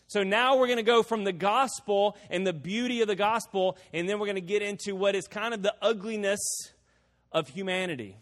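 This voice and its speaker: High-voiced pastor preaching in a reverberant hall. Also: male voice, a bit bright. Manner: conversational, asks the crowd rhetorical questions. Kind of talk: sermon. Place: church hall.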